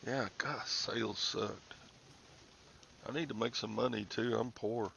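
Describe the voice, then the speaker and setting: A man chats casually on his live stream, grumbling and cracking dry jokes. His voice has a gravelly edge. The sound is muffled and lo-fi, with a faint hiss behind it. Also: fairly low pitch, fairly even intonation, a little slow, pushed and bright. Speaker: host of a reseller live stream. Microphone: headset.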